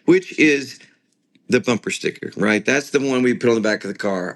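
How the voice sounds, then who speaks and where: A man's voice: mid-range voice, normal speed. A man, a songwriter being interviewed, explaining his songs in an earnest, storytelling way. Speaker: guest songwriter. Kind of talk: conversational interview.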